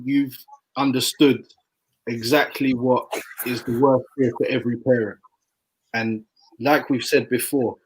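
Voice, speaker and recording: A man speaking in a measured, encouraging, reflective way while leading a casual discussion. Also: medium pitch, husky, rough recording.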